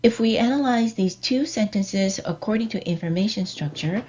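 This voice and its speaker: A woman giving a scripted online lecture, reading out example sentences in a measured, deliberate way. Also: mid-range voice, a little mellow, slightly rough. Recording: dull lo-fi recording.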